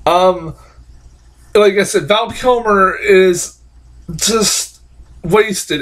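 A man's voice: high-pitched, lively intonation, a little slow, fairly bright tone. A man giving a casual, profane, rambling film review, exasperated and full of fillers.

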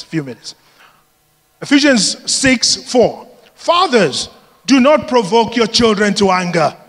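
A man preaching a sermon, telling personal stories in a lively way and laughing often. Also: very high voice. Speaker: pastor. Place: large church hall. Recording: long reverb of a church hall.

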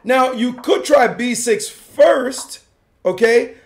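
Man, chess commentator, high voice, playful slang, frequent laughter. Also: slow, gravelly. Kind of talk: animated game analysis.

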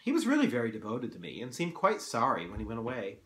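A petulant young gentleman talks in an airy, flippant way, as a man reads his part aloud. The voice is mid-pitched. There is a roomy echo around it. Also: huge pitch swings, fast talker.

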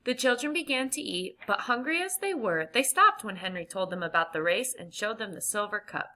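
Bright-voiced woman reading a storybook. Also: medium pitch, brisk. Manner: clear, even reading pace with gentle emphasis. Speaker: audiobook reader. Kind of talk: children's storybook narration.

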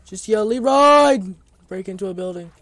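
A man doing let's play commentary, excitable and often yelling at the game. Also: high-pitched, measured pace, dry recording, faint music behind. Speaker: gaming video creator.

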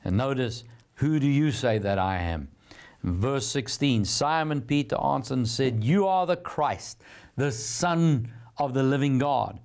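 A man's voice: medium pitch, animated, measured pace, darkish tone. Earnest man preaching a Bible teaching. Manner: earnest, reflective teaching with scripture readings. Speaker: pastor. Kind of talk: sermon.

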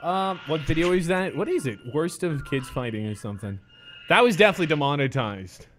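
A male streamer talks loosely and jokes while he plays. His voice sits a bit high, with a faint hum of room noise behind it. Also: animated, a little fast, a bit bright. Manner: loose, joking. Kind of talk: casual game stream commentary.

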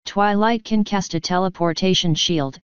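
A woman's voice: medium pitch, moderate pace, clean tone, dry recording, close to an everyday voice. A woman voicing a practical, matter-of-fact young female unicorn with a wry edge. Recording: dull lo-fi dry recording.

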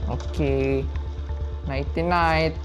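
A gaming video creator giving playthrough commentary, excitable and goofy, breaking into shrieking exclamations and playful teasing. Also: mid-range voice, drawn-out words, over music.

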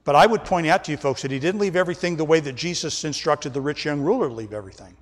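Pastor guy preaching hard at his church, voice a bit high, long echo from the hall. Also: fast talker. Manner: emphatic preaching, often addressing the congregation as folks. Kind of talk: sermon. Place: church sanctuary. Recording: church service recording with long reverb.

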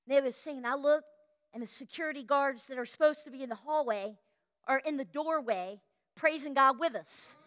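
A woman pastor preaching an animated, storytelling sermon and breaking into bits of song. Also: high voice, moderate pace. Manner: animated storytelling sermon, exclamations, sings snippets. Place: church sanctuary.

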